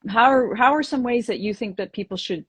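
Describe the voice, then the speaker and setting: A woman's voice: on the high side, brisk, breathy edge, no echo. A woman hosting an interview, affirming her guest and sharing anecdotes. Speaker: host and divorce coach. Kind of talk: conversational interview.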